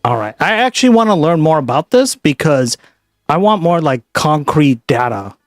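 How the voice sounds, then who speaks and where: A man's voice: fairly high pitch, big pitch swings, moderate pace, dry recording, studio quality, soft background music. A man streaming live, casually reacting to a news clip and chatting loosely with his viewers, leaning on "like" and "right?".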